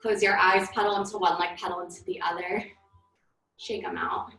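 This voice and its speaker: A woman teaching a live online yoga class, cueing breaths and poses in a calm, paced way while out of breath. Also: mid-range voice, normal speed. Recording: echoey room from far off.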